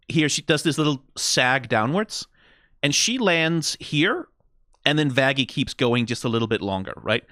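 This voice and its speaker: Bright-voiced man breaking down animation. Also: mid-range voice, no echo, clean studio sound. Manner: animated, lots of "like" and "right?", swears casually. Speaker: reaction video host. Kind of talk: casual analytical commentary.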